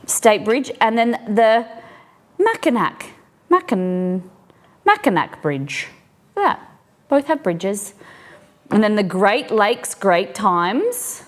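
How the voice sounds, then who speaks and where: A woman's voice: a little high, slow, pauses often. A woman streaming live, chatting casually with her viewers as she looks over a collection, curious and full of questions. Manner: curious, asks many questions, excited exclamations. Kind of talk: casual unboxing chat with viewers.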